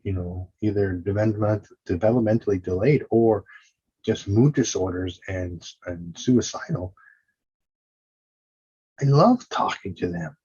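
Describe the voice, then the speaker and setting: A man's voice: fairly low pitch, unhurried, mellow, breathy edge, muffled recording. A man hosting a self-help podcast, talking earnestly and casually, now and then acting out his own doubting inner voice. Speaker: podcast host and coach.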